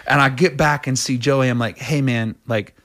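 A middle-aged man being interviewed as a rock singer, telling stories in a rambling, animated way with many restarts. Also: moderate pace. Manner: rambling, many restarts, acts out quotes in a much higher voice. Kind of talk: animated casual interview storytelling.

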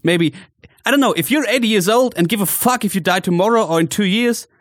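A man's voice: high-pitched, a little fast, no echo, studio quality. A man co-hosting a podcast in casual chat over a phone call, talking at length. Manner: talkative, explains at length with "um" fillers. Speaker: podcast host.

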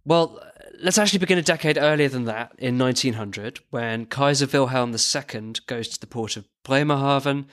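A man's voice: medium pitch, normal speed, hardly any pauses, a bit bright. A British man co-hosting a history podcast, with scripted narration and a dry, wry delivery. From Britain. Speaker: podcast co-host.

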